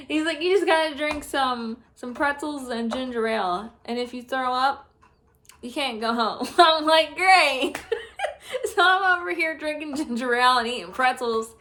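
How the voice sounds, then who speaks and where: A woman's voice: high-pitched, bright, forceful tone. A young woman telling a story in a casual vlog, laughing often and swearing as she vents. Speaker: vlogger.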